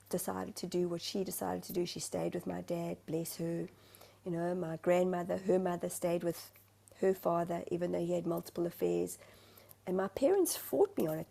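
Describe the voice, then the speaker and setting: Gravelly, mellow-voiced woman medium. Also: lowish voice. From South Africa. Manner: earnest, searching for words, breathy asides. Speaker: spiritual medium, guest. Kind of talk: heartfelt conversational sharing.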